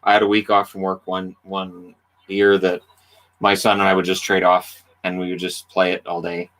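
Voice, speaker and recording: A man's voice: low voice, completely flat delivery, normal speed, fairly bright tone. A middle-aged man hosting a casual livestream, talking in an easygoing, rambling way with frequent ums while playing a hockey video game. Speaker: livestream host.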